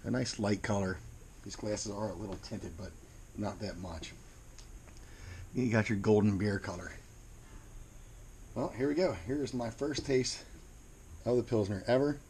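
A man with a Mid-Atlantic American accent talks through a beer tasting in a relaxed home-video way. His voice sits low, and he often repeats a word while he looks for the next one. A faint hum of ambience stays under the recording. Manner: plain-spoken, unhurried, repeats words while searching for them. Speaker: beer reviewer. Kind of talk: casual video review.

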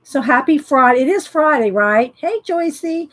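A woman's voice: high-pitched, expressive, normal speed, a bit bright. A woman hosting a casual livestream from her home art studio, greeting viewers by name and rambling with fillers. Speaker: livestream host. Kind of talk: casual live-stream chat.

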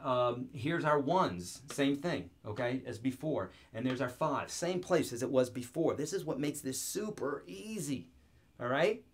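A man's voice: mid-range voice, animated, measured pace. A man teaching guitar chords in an online video lesson, upbeat and joking as he talks straight to the viewer.

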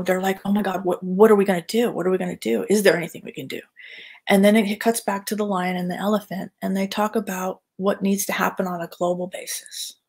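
A woman's voice: on the low side, breathy edge. A woman artist casually chatting on a livestream, rambling with lots of fillers and restarts. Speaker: artist hosting a live chat.

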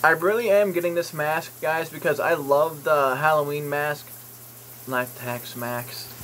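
A man talks casually to his viewers and rambles through jokey asides as he reads listings aloud. His voice sits a little high, with a bright, forceful edge. Faint noise is heard behind him. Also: fairly even intonation, a little slow, rough recording. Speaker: YouTube vlogger. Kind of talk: casual vlog commentary while browsing online.

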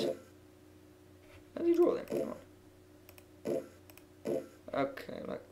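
A man's voice: medium pitch, a little hiss or hum. Foul-mouthed man muttering through a game. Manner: swears often and mutters while reading on-screen text aloud. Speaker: video game player. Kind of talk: let's-play commentary.

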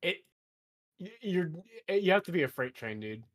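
A man's voice: high voice, big pitch swings, normal speed. A man in a casual podcast chat, reacting with laughing exclamations.

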